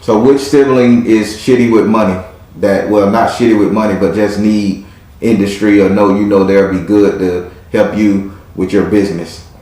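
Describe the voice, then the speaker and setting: A man's voice: on the low side, fairly even intonation, moderate pace, warm tone. A man giving a live tarot reading in a blunt, profane, hyped-up way. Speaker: tarot reader. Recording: very echoey room.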